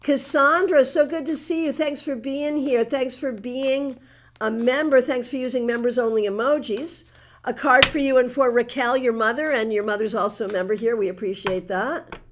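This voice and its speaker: This woman speaks at a moderate pace with a high-sitting voice, and the recording carries a little hiss or hum. A tarot reader with a New England accent, she chats warmly with her live audience and gives card readings, teasing them in a friendly way and laughing often.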